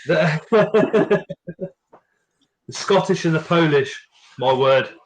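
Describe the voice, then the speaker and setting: A man's voice: fairly high pitch, expressive, slow pace, poor audio. A man chatting casually on a live stream, reading out chat messages in an offhand way.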